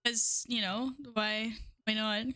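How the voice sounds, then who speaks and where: A woman's voice: on the high side, level tone, slow pace, pushed and bright, clear, resonant tone. A young woman streaming, chatting casually with her viewers, giggling often, swearing freely and out of breath. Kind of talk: casual live-stream chat.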